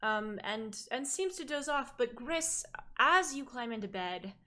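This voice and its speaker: A woman's voice: fairly high pitch, animated, measured pace, pushed and bright. A woman narrating as game master, hesitant with fillers and self-mocking.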